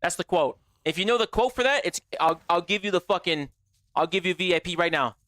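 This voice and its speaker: High, bright, and forceful, a man's voice fills a live gaming stream as he addresses chat in a brash, joking, profane way. He talks a little fast, and the recording is dry and close-miked, with no echo or room sound.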